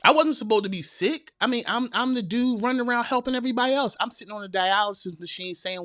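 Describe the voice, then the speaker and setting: A man's voice: very high-pitched, quick pace, few pauses, sharp tone, no echo, clean studio sound. A man hosting a podcast, giving an earnest, preachy motivational talk in a folksy manner, addressing listeners as y'all and repeating lines for emphasis. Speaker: podcast host.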